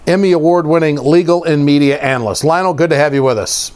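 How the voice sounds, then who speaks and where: Punchy male news host, pitch a touch high. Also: fast talker, a little mellow, a little hiss or hum. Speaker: talk show host. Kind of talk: news commentary show.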